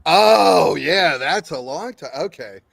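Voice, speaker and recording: An older man, a game developer appearing as an interview guest, tells a long story with frequent laughter and acted-out quotes. His voice is fairly high and slow with vocal fry, recorded dry.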